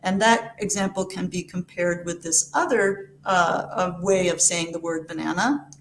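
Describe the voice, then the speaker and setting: A woman's voice: fairly low pitch, fairly even intonation, moderate pace, roomy sound, slight background noise. A woman giving an academic lecture, explaining steadily with frequent fillers and restarts. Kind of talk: academic talk.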